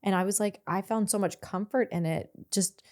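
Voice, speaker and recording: A woman's voice: medium pitch, normal speed, darkish tone. A young adult woman hosting a podcast, talking in a chatty, enthusiastic and openly emotional way. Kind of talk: casual conversation.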